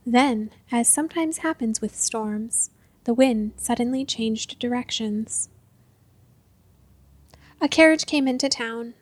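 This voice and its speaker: A woman narrating a story in the first person, measured and dropping to a hush at tense moments. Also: fairly high pitch, no echo.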